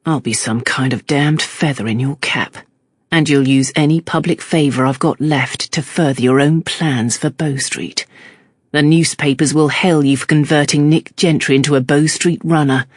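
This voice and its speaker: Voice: mid-range voice, steady tone, moderate pace, no room sound, clean studio sound, natural voice. A narrator voicing a surly young male criminal in an audiobook, muttering and sneering. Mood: sullen.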